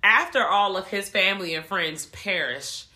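Animated, profane woman recapping a movie. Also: medium pitch, moderate pace. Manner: animated, profane storytelling with acted-out voices. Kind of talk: casual movie recap chat.

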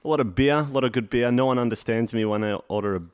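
A man's voice: medium pitch, fast, clear, resonant tone, dry recording, clean studio sound. A man with an Australian accent, chatting as a guest on a podcast in a chatty, self-mocking way. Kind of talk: casual chat.

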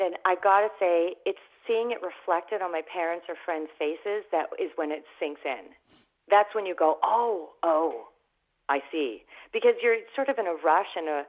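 Animated woman telling stories over a phone-like line. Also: lowish voice. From Canada. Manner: lively anecdotes with acted-out voices and laughter. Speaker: guest actress and author. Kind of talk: animated storytelling in an interview. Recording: phone-like narrow sound.

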